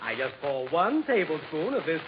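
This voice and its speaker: A man playing a deadpan, punning druggist in a 1940s radio comedy. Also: on the high side, moderate pace, dull audio. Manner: deadpan, wordplay. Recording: hissy old radio recording.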